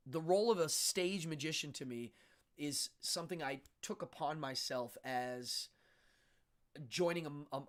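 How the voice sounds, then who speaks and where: A man's voice: medium pitch, a bit bright. A man from Pennsylvania, a stage magician, hosting a casual livestream and chatting with viewers in a loose, chuckling way. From Pennsylvania, USA. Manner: chatty, answers viewer comments, chuckles often.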